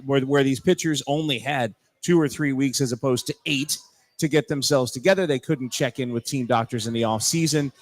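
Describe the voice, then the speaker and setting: A man guesting on a live radio show from a bar, telling animated stories and mimicking accents. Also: mid-range voice. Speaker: TV reporter guest. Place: bar, live remote broadcast.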